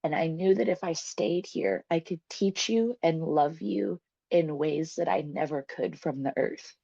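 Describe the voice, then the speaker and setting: Her deep voice is gravelly, husky and warm, and she speaks at a measured pace. A young woman guesting on a podcast, she tells a personal story with candid emotion, frequent laughter and free swearing. The lo-fi podcast sound is dull and dry, with no echo.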